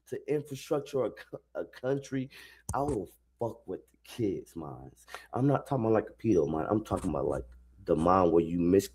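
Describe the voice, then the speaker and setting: A low, husky male voice in casual live reaction commentary. He rambles loosely and swears freely, with a rough, grainy edge to his tone and a deep register. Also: expressive, moderate pace, a little mellow. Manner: loose, profane, rambling talk. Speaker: streamer reacting to a video.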